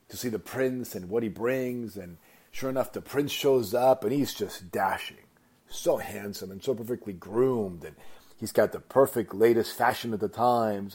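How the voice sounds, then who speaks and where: A man, a company founder, telling a motivational story with emphatic, animated delivery and frequent repetition. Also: on the low side, breathy edge.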